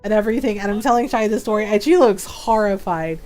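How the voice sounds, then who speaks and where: A middle-aged woman from the Philippines, a gaming streamer telling stories in casual chat, animated and laughing often. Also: medium pitch, quick pace, soft background music.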